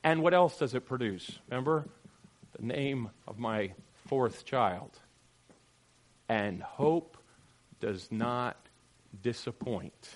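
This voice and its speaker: A man preaching a sermon as pastor, swinging from loud emphatic lines to quiet, joking asides with his congregation. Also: medium pitch, animated, a little slow.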